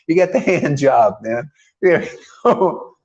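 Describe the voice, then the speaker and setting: A man's voice: a little high, lively intonation, slow, darkish tone, muffled recording. Blunt, emphatic man preaching casually. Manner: emphatic and casual, often calls listeners "man"; blunt and mocking, with swearing. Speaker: spiritual teacher. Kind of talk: informal preaching to a small group.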